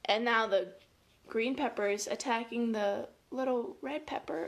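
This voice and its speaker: A woman's voice: a little high, unhurried. A woman, a family educator, reading a picture book aloud to children in a playful, chatty way, with gasps and laughs along the way.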